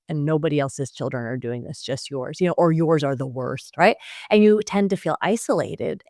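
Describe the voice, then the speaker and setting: A woman's voice: sits low, no echo, clean studio sound. A woman, a guest author and speaker, talking earnestly about faith and parenting in an interview, often laughing as she makes a point. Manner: earnest, animated storytelling with laughs.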